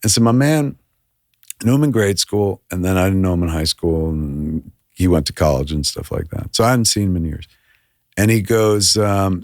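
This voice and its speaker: A filmmaker in casual podcast chat, an animated storyteller who swears often and acts out quotes. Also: male voice, low-pitched, a little fast, no echo, clean studio sound. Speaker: filmmaker guest.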